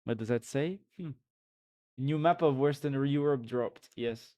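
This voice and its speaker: A man's voice: mid-range voice, unhurried, warm tone. A young man live-streaming at his desk mic, reading memes aloud and reacting with laughs and swearing.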